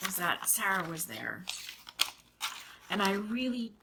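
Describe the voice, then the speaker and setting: A woman and mother chatting casually to her viewers as she crafts, expressive and given to rambling asides. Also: on the low side, background noise. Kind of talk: casual chat while crafting.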